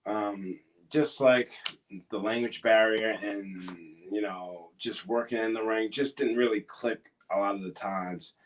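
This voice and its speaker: Earnest, hesitant wrestler guest. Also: male voice, fairly low pitch, steady tone, measured pace. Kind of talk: casual live Q&A interview.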